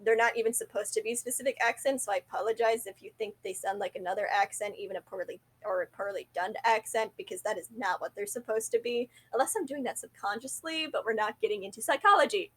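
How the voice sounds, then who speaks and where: A woman's voice: medium pitch, fast talker, few pauses, slightly rough. A young adult woman telling a rambling, self-deprecating story to camera, often correcting herself mid-sentence. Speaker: vlogger.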